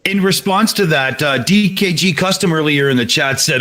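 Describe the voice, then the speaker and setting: A man's voice: high-pitched, big pitch swings, moderate pace, few pauses, bright, forceful tone. A man co-hosting a live stream in chatty talk, quoting viewer comments. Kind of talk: casual live-stream chat.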